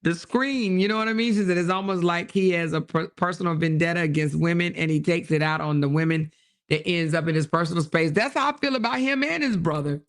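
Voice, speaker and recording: A woman with a lowish, rough, gravelly voice hosts a casual livestream, reading viewer comments and responding bluntly with plenty of swearing. She laughs a lot and tends to lose her train of thought midway.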